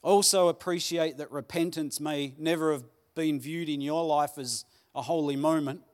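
A man preaching a Sunday sermon, earnest and pleading, with dramatic pauses. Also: on the high side, steady tone. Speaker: pastor. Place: church hall.

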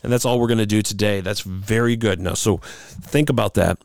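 A man teaching a Bible study lesson, measured and emphatic, slowing down on key words. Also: lowish voice, creaky, darkish tone, no echo, clean studio sound.

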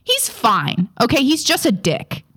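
A young woman co-hosting a podcast in casual chat, animated and exaggerated, swearing freely as she tells a story. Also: high voice, measured pace, husky. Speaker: podcast co-host.

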